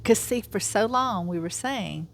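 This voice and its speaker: A woman's voice: medium pitch, lively intonation, unhurried, creaky, slight background noise. A woman co-hosting a casual chat, eagerly agreeing and asking questions.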